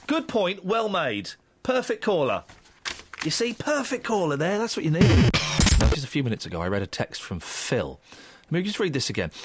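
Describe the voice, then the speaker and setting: A man's voice: fairly high pitch, wildly swooping pitch, moderate pace, heavy background noise. A man hosting a radio phone-in, bantering with callers in a playful, mock-exasperated way. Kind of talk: casual phone-in chat. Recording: dull lo-fi intercom sound.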